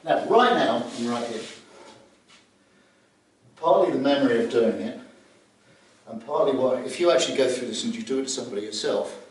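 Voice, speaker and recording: With an expressive mid-range voice, a middle-aged man speaks at a moderate pace broken by long pauses. He's a glider pilot delivering a colorful, story-filled safety briefing to other pilots and acting out scenes, heard distantly in an echoey room.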